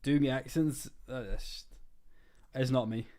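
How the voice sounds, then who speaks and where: A young man who is not a native English speaker, streaming online poker and chatting casually with viewers in a relaxed, rambling way. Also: medium pitch, takes it slowly. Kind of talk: casual live-stream commentary.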